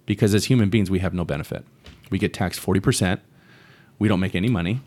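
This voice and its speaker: A man's voice: deep voice, fast, darkish tone. A man talking as a guest on a podcast, laid-back and slangy, often saying dude and bro. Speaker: guest, real estate investor. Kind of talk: casual podcast conversation.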